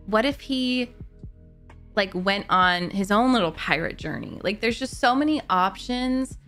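A woman's voice: medium pitch, lively intonation, measured pace, fairly bright tone, soft background music. A woman YouTuber chatting casually to camera as a fan, gushing and rambling with frequent "like" and the odd swear word. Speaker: gaming YouTuber discussing a book.

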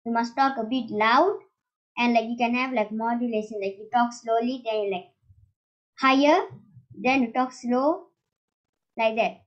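A young woman giving an earnest, halting evaluation of a club speech. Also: on the high side, steady tone. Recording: dull lo-fi sound.

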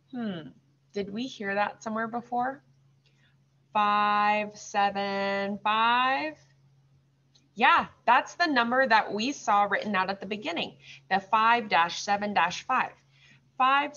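A woman teaching second graders, sounding out words slowly and patiently. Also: medium pitch, bright, forceful tone. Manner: slow, drawn-out modeling of words. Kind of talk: recorded classroom lesson. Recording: slightly dull lo-fi recording.

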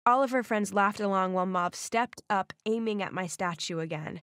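Woman narrator, expressive storytelling, mid pitch, dry close sound. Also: moderate pace, hardly any pauses, no echo.

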